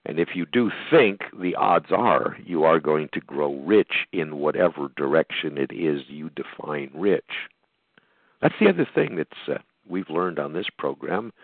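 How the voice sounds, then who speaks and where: Older man, podcast host, low-pitched, rambling with fillers, dry sound, tinny phone-line quality. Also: lively intonation, unhurried, no echo. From United States. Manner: rambling, many fillers and restarts. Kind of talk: reflective monologue.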